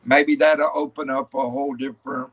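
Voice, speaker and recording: A man's voice: mid-range voice, little pitch movement, moderate pace, fairly bright tone, husky. A man in casual chat, arguing his point insistently. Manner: argumentative, insistent.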